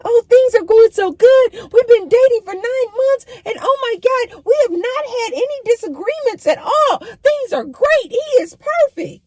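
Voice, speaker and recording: A woman's voice: very high-pitched, expressive, measured pace, hardly any pauses, a little mellow, no room sound, pitched above the performer's own voice. A woman doing a squealy, starry-eyed young woman. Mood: gushing.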